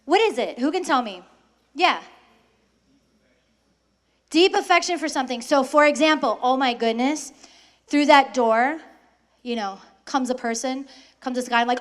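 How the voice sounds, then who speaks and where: In a lively talk about faith aimed at high school students, a young woman speaks at a measured pace with frequent pauses. She questions her audience and voices the people she quotes.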